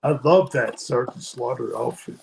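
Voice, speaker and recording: An older man chatting casually, halting and trailing off as he talks. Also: medium pitch, gravelly, darkish tone, slight background noise, poor audio. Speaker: retired wrestler, guest. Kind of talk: casual chat.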